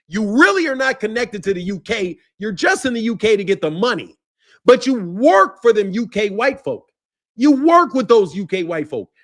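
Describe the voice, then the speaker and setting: High-pitched guy going off, cussing and laughing, voice jumping way up and down. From United States. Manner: loud, profane, laughs between lines, fired up. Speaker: boxing channel commentator. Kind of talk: unscripted profane rant.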